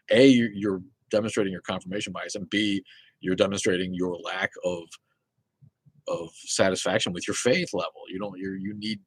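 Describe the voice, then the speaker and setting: A man's voice: fairly low pitch, husky, no echo, poor audio. A man hosting a live atheist Q and A, talking casually and rambling, swearing freely and restarting his sentences. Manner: rambling, profane, many fillers and restarts. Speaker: host of an atheist live show.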